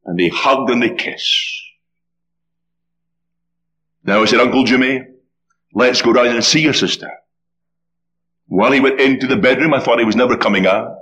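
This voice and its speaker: A man preaching a sermon, telling a story with dramatic, animated delivery. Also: medium pitch, moderate pace, pauses often.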